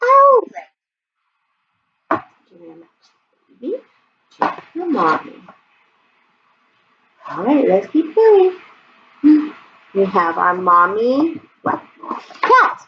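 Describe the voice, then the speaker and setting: A woman's voice: mid-range voice, takes it slowly, long pauses. A woman teaching toddlers in a singsong, exaggerated way, recorded with dull lo-fi sound. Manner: exaggerated, animated, sing-song. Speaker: preschool teacher. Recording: dull lo-fi sound, faint background noise.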